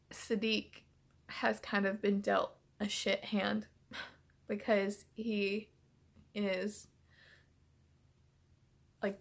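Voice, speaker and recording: A woman hosting a reaction video, reacting emotionally to a TV episode, swearing freely and talking back to the screen. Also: medium pitch.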